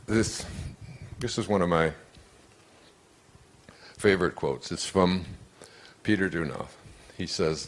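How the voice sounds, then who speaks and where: An older man giving a motivational talk as an author and speaker, telling long rambling stories with frequent restarts. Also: medium pitch. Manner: anecdotal, rambling storyteller with many restarts. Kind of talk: motivational talk to a live audience.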